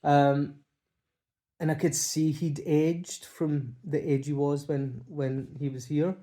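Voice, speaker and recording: A man talks to his viewers from home, his voice mellow and dark in tone. He speaks haltingly and from the heart, with restarts, pauses and soft fillers. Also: fairly high pitch, level tone. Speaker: vlogger. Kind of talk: casual emotional monologue. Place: home, by a window.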